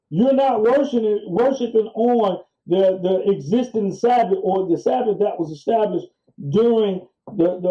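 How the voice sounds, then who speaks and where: A man preaching in a sermon-style talk, slow and deliberate, often repeating his key phrases. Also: high voice, dull audio.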